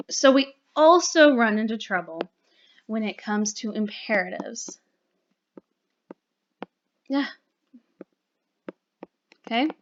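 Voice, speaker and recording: A woman's voice: fairly high pitch, lively intonation, slow, pauses often, fairly bright tone, highs cut off, a little hiss or hum. A woman teaching a recorded grammar lesson, explaining patiently and checking in with "okay?" and "right?".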